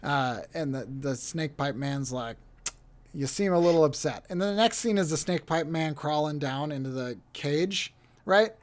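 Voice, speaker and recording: A man's voice: a little high, animated, moderate pace. A man co-hosting a podcast, retelling movie scenes in a loose, joking way with quoted voices. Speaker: podcast co-host. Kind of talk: casual movie recap chat.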